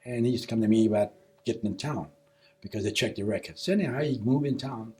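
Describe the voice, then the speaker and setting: An older man being interviewed for an oral history, recounting his past in a casual, animated way and acting out the dialogue. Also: mid-range voice, quick pace, breathy edge. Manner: animated storyteller who acts out quoted dialogue. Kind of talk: casual spoken recollection.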